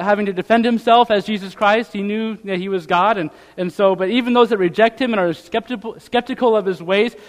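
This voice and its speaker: High-voiced male preacher in a reverberant hall. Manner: conversational preaching with rhetorical tag questions; reads scripture aloud in old-fashioned wording. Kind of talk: sermon.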